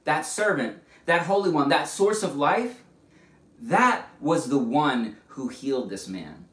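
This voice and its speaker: A man preaching a sermon as a pastor, conversational and animated, often restarting his phrases. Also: a little high, slow. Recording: echoey room, distant mic.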